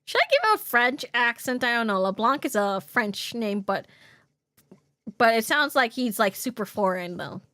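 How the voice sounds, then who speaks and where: A woman's voice: a little high, very animated, moderate pace, pushed and bright, no room sound. A woman streamer chatting casually and playfully while playing a game, a little hesitant in her asides.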